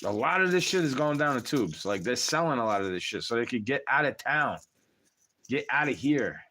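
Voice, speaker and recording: A man's voice: medium pitch, animated, moderate pace, sharp tone. A young man ranting on a livestream, profane and agitated, talking straight at the listener.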